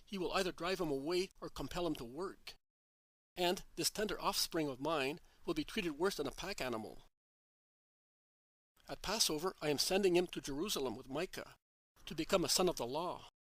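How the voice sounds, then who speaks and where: A man's voice: a little high, fairly bright tone, no room sound. A man reading the lines of an elderly, tearful peasant grandfather with a guttural voice, in a plain pleading tone.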